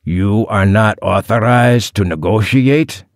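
A man voicing a heavyset, menacing kidnapper boss who interrogates slowly and deliberately in an audiobook. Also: lowish voice, dry recording, clean studio sound. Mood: interrogating. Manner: slow, heavy, deliberate questioning.

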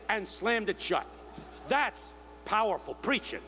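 An older man preaching a sermon to a big crowd, telling stories and acting out the shouts of others. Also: a little high, sing-song, normal speed. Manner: storytelling, mimicking shouts of others. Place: large convention hall. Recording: echoey hall with faint hum.

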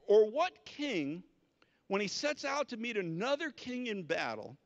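A man's voice: high voice, big pitch swings, a little slow, big-room sound. A male pastor delivering a conversational sermon, often restarting and repeating words as he talks. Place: church sanctuary.

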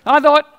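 A man preaching a sermon as a pastor, telling stories with animated humor. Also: big-room sound, dull audio.

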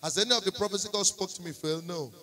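A man with a Nigerian accent and a high-pitched voice preaches very fast at a church service, with faint music behind him. Speaking as a prophet, he tells a testimony, drifts into pidgin, and builds up to shouting and singing.

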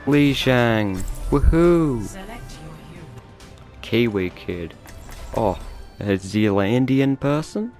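An Australian man giving live commentary over his own game, swearing and mocking himself with sudden excited outbursts. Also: lowish voice, slow pace. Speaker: gameplay commentator. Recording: game music loud behind voice.

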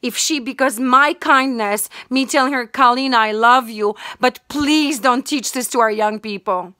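A woman's voice: on the high side, a little slow, bright, forceful tone, dry recording, studio quality. A woman giving an impassioned religious sermon, fervent and emphatic, repeating her points. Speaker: online preacher.

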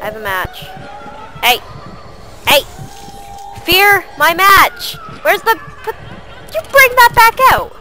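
A woman giving loud, profane gameplay commentary, yelling at her character. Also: very high voice, wildly swooping pitch, unhurried, pauses often, a little hiss or hum, low-quality recording. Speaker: let's play gamer.

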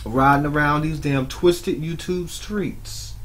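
A man giving mocking reaction commentary on another streamer's clip, scolding her with drawn-out asides. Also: on the high side, a bit bright, a little hiss or hum. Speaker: YouTube commentator.

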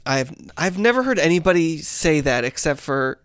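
A man co-hosting a podcast in casual chat, easygoing and quick to laugh. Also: a little high, animated, a bit bright, clear, resonant tone, no echo, studio quality. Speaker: podcast co-host.

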